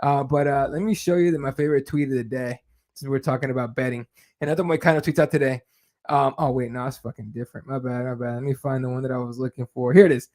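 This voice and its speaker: A man co-hosting a fight podcast in casual chat, swearing freely and telling animated stories. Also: medium pitch, fast. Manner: animated storyteller, swears a lot, laughs at own stories. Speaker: MMA podcast co-host. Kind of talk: casual profane chat, reading viewer comments.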